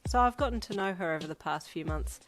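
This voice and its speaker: Hawks, a smooth flirty hero, read by a woman. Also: fairly low pitch, animated, fast talker, slight background noise, natural voice. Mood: easygoing charm. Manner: smooth, teasing, easygoing. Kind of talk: fan fiction audiobook reading. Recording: music playing underneath. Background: background music.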